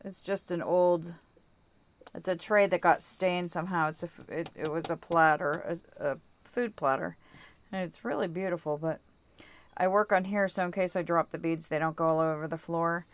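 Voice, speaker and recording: Lady talking thru a bead craft demo at home, kinda low voice, rambly, restarts a lot. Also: fairly even intonation, moderate pace. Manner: chatty, rambling, self-correcting; playful baby talk to her dog. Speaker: craft tutorial host. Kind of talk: casual how-to demonstration.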